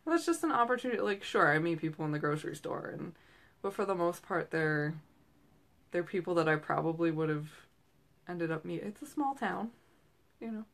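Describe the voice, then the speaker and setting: A woman's voice: sits low, animated, brisk, vocal fry, fairly bright tone. Thirties woman host, loose rambling chat with many asides and fillers. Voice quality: rambling, chatty with frequent fillers and tangents. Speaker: host and direct seller. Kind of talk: casual chat. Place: small room at home.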